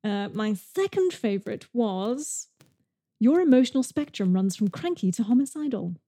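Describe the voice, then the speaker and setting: A woman's voice: on the high side, animated, moderate pace, mellow, no room sound, clean studio sound. A woman co-hosting a podcast, chatting in a wry, friendly way. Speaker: podcast co-host. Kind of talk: casual chat.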